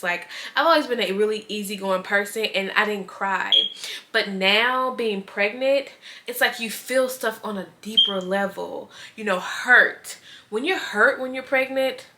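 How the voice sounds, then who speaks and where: A woman's voice: medium pitch, sharp tone. A young pregnant woman talking casually to camera in a vlog, earnest and heartfelt, sometimes close to tears. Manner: earnest, heartfelt, tearful at times. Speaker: vlogger.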